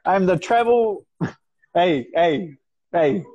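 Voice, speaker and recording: A relaxed man with a New Zealand accent, speaking a little higher than most men. He answers with dry humor. The recording is dry and a bit dull in tone. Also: extremely slow, slightly rough, no room sound. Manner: easygoing, laughs along, dry humor. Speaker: guest fighter. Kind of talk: casual interview chat.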